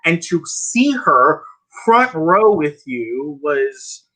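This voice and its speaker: A man's voice: a little high, sing-song, very slow, sharp tone, rough recording. A man guest in a casual video chat, gushing enthusiastically.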